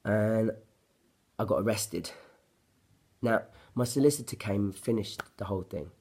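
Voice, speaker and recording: A man's voice: on the low side, measured pace, darkish tone, breathy edge. A man, telling a personal story to camera in an agitated, profane, blunt ranting way. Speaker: vlogger.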